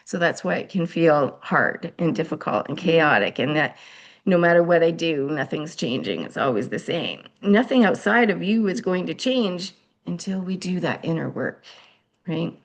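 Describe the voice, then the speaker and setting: A woman's voice: low-pitched, very animated, normal speed. A woman hosting a casual group discussion, talking loosely with fillers and passing the floor to others.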